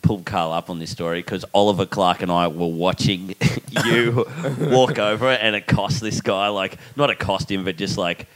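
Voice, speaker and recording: A man with a somewhat low voice chats easily and retells a moment with amusement. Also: moderate pace, hardly any pauses. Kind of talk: casual chat.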